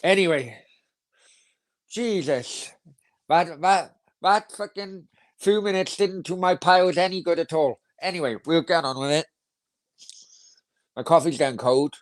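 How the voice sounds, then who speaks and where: A man's voice: a little high, a little slow, pauses often, dry recording. A man hosting a casual football live stream, rambling crudely, swearing freely and reading viewer comments aloud. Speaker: football channel host.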